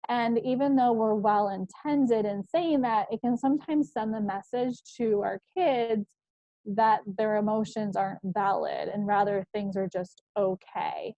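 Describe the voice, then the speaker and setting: A woman psychologist giving a parenting presentation, explaining in a calm, measured way with an occasional "um". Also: medium pitch, dry recording. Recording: slightly dull, muffled recording.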